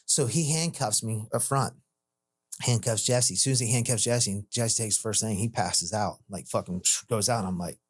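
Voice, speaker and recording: A man's voice: on the low side, moderate pace, slightly rough. A man telling a story from his own life in casual podcast chat, rambling and profane, full of "like" and "dude", acting out the voices of the people in it.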